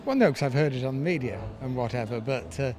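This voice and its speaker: Measured man passer-by, mid-pitched and lively. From not from the area. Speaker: passer-by interviewed.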